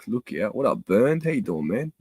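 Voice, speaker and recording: A man's voice: lowish voice, big pitch swings, normal speed, a little mellow, breathy edge, dry recording. A young Australian man chatting on a live stream, laid-back and sweary, laughing a lot. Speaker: livestream host. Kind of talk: casual live-stream chat.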